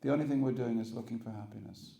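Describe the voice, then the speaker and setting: A man's voice: mid-range voice, quick pace, creaky, echoey room. A man preaching to a congregation, telling stories and acting out the characters. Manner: animated storyteller acting out characters. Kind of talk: storytelling sermon. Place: temple hall with audience.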